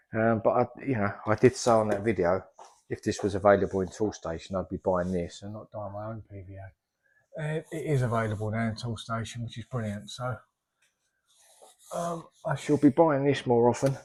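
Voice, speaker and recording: A man's voice: fairly low pitch, a little mellow. A middle-aged man, a plasterer chatting casually in a vlog as he works and rambling off topic. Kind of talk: casual vlog talk while working.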